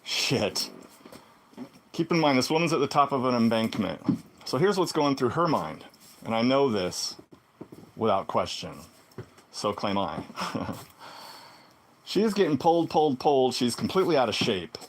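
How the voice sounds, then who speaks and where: A man telling a personal story in a casual vlog monologue, swinging between loud exclamations and low muttered asides. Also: lively intonation, normal speed, long pauses, slight background noise. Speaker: vlogger.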